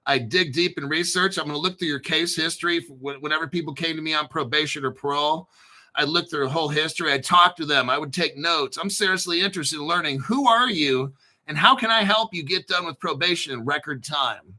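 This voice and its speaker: Crypto guy ranting on his stream, swears a lot, cocky, sharp bright tone. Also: on the high side, fairly quick. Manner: profane, blunt and boastful. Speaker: crypto channel host. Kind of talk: casual unscripted livestream talk.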